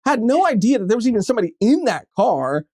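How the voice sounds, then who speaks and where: A young man co-hosting a podcast, telling a story in an animated way with lots of fillers and swearing. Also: very high voice, fast talker, husky, no room sound, clean studio sound. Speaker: podcast co-host. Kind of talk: casual chat. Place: podcast studio.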